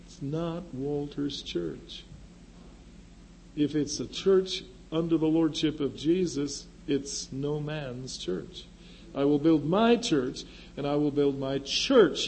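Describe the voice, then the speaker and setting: An older man gives a classroom lecture in a slow, deliberate way. His voice sits a little high for a man but sounds mellow and dark. He is earnest and emphatic, and he likes to repeat a key phrase. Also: a little hiss or hum, rough recording. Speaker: church history teacher and former pastor. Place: classroom with a board.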